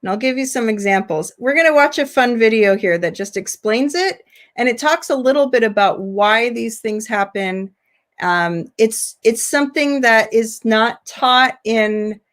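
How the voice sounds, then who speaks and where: A woman teaching an online seminar, her voice sitting a little higher than most. She talks in a loose, chatty way over a video call and laughs between points. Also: a bit bright. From United States. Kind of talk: informal teaching talk.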